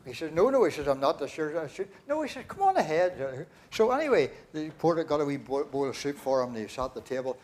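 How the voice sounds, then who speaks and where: High-voiced Northern Irish man telling jokes. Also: lively intonation, fast, few pauses, darkish tone. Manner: folksy storyteller, acts out the quoted voices. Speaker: concert compere. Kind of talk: live joke-telling to an audience. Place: church hall concert, live audience.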